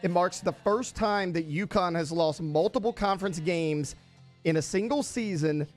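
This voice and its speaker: A man's voice: high-pitched, faint music behind. A man co-hosting sports talk radio, reading out items briefly and casually for his partner to react to. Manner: reads out items as quick prompts, dry and brief. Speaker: radio co-host.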